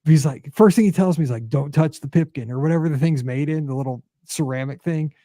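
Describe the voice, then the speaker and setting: A man in his forties hosts a podcast in a loose, chatty way, and his voice sits fairly high. He pads his stories with fillers and jumps up sharply in pitch when excited. The sound is dry and close to the mic. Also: fast talker, no room sound. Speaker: podcast host. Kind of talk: casual chat.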